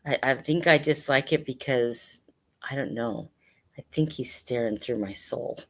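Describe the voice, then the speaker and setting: With a bass voice and a measured pace, a woman hosts a casual live sale of hat pins and jewelry. She laughs often, chats freely, and speaks straight to her viewers while showing the pins.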